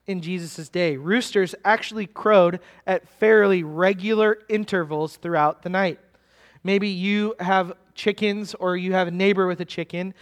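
A pastor with a notably high voice delivers a sermon to his congregation. He leans hard on key words, slowing right down to stress them, then drops into casual asides to his listeners. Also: fairly bright tone.

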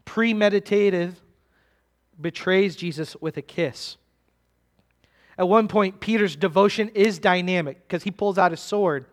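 High-voiced pastor preaching emphatically. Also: male voice, fairly bright tone. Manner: emphatic, slowing down to stress key words; conversational asides to the congregation. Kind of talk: sermon.

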